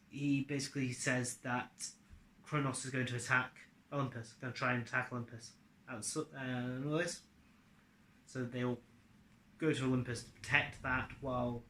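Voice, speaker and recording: In an echoey room with a bit of hiss or hum, a man with a sharp, mid-range voice casually walks viewers through his adaptation of a series. His delivery is offhand, full of fillers, with a swear here and there.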